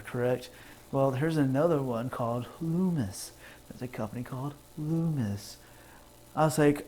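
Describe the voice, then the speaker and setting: A man's voice: a little slow, warm tone, low-quality recording. Rambling man joking to camera. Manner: rambling, laughs at own jokes, puts on squeaky voices for callers. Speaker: comedian streamer. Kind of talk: casual stand-up rambling to camera. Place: home streaming setup.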